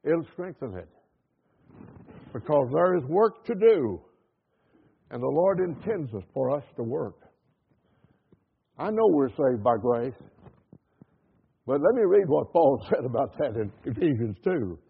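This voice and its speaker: A man's voice: on the high side, very animated, unhurried, creaky, pauses often, breathy edge. A man preaching a sermon, firing repeated questions at the congregation and reading scripture in an old-fashioned cadence. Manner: impassioned, repeating rhetorical questions. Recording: tinny phone-like sound.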